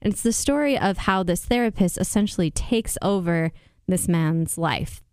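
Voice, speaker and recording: A woman chatting casually about movies and shows as a podcast co-host, animated and chatty. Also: fairly low pitch, normal speed, clean tone, dry recording, clean studio sound. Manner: animated, chatty, exaggerated impressions. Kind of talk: casual pop-culture chat.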